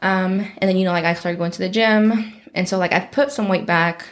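A woman's voice: fairly low pitch, fairly even intonation, fairly quick. A young woman co-hosting a podcast, chatting casually and filling her speech with "like". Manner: chatty, heavy use of "like". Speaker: podcast co-host. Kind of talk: casual chat.

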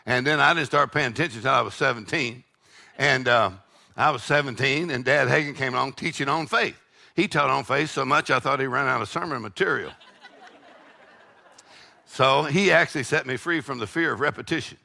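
Older pastor, gravelly bright voice, fiery call-and-response preaching. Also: male voice, medium pitch, fairly quick. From Texas. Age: 60s. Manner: preachy call-and-response with shouted peaks and laughing asides. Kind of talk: sermon.

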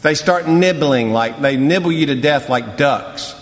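A man's voice: a little high, a little slow, a little hiss or hum. Wry preacher man in an echoing church. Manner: conversational, wry storytelling preaching. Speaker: pastor. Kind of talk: sermon. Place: church sanctuary.

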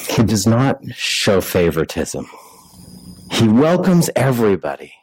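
A man's voice: lowish voice, very animated, a little slow, darkish tone, a little hiss or hum, low-quality recording. A man preaching a sermon in a conversational way, full of rhetorical questions and restarts. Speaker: pastor.

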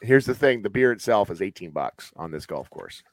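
Man, podcast co-host, joking, lively pitch, dry close sound. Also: moderate pace, no echo. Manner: joking, acts out little quoted bits. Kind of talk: casual chat.

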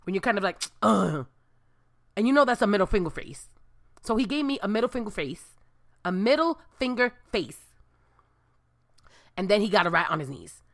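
A woman telling a comic personal anecdote, animated and expressive, breaking into shrieks and Spanish exclamations. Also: medium pitch, brisk, long pauses. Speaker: storyteller.

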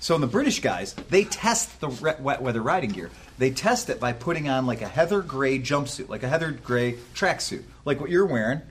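A man hosting a casual podcast from a workshop studio, telling stories in a profane, animated way. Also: mid-range voice, brisk, hardly any pauses, a little hiss or hum. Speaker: podcast host.

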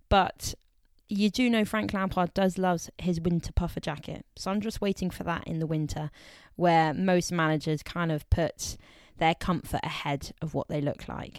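A woman's voice: lowish voice, dry recording, studio quality. A young woman, co-hosting a podcast in a chatty, playful way and laughing between remarks. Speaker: podcast co-host. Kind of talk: casual podcast chat about football.

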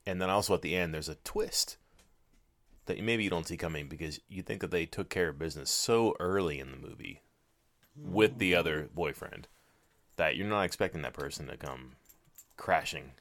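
A man's voice: deep voice, normal speed, fairly bright tone. A man co-hosting a podcast, recapping a movie in easygoing casual chat with dry wisecracks. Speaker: podcast co-host.

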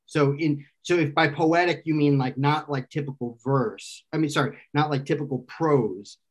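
A man's voice: fairly high pitch, normal speed. Man explaining aloud, full of restarts. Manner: lecturing, thinks aloud with frequent restarts and self-corrections. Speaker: guest expert explaining philosophy. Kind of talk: conversational explanation.

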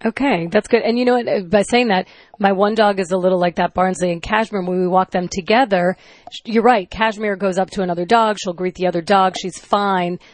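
A woman's voice: medium pitch, fairly even intonation, a little fast, no echo. A woman hosting a radio show, reading out listener questions in a friendly way.

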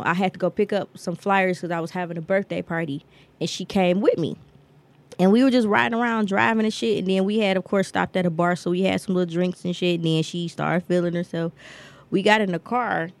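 A woman, co-hosting a podcast and telling a story bluntly and profanely, acting out the people she quotes. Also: mid-range voice. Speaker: podcast co-host. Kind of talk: casual storytelling chat.

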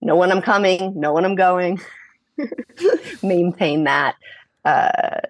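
Guest voice: slightly low, husky millennial woman, frank and reflective, dry close recording. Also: sing-song, slow pace, no room sound. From Los Angeles. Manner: thoughtful, frank, laughs often. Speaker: yoga teacher and podcast guest. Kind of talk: reflective conversational interview.

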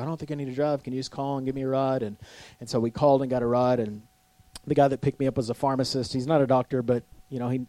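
A man's voice: mid-range voice, dark tone, dry recording. Chatty preacher man, dry close sound. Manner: conversational, self-deprecating, asks the crowd for agreement. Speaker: pastor. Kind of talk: sermon.

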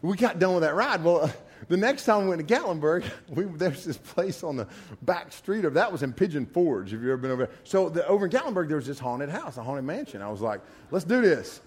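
A man's voice: fairly high pitch, fairly quick, breathy edge. A man preaching a sermon, telling folksy personal stories with frequent laughter. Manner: animated storyteller, laughs often, folksy asides.

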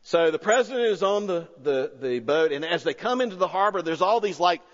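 A man preaching a sermon, telling a story with rising excitement and then pleading quietly and earnestly. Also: sits high, fairly quick. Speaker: pastor. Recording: long-reverb hall, slightly dull sound.

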